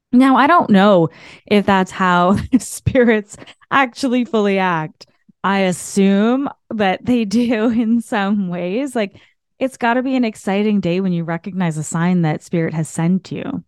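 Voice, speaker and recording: A woman host from Canada telling a spiritual story in an animated, chatty way, full of filler words. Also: medium pitch, measured pace, dry recording, studio quality.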